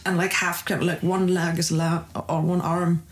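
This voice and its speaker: A woman from Iceland, a comedian guest chatting casually, relaxed and halting, with many fillers. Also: fairly low pitch. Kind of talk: casual interview chat.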